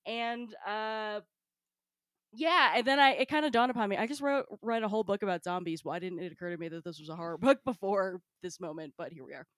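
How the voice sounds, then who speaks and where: A woman co-hosting a podcast in casual chat, animated and full of fillers like "like" and "uh". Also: medium pitch, a little fast, no echo, clean studio sound. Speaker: podcast co-host.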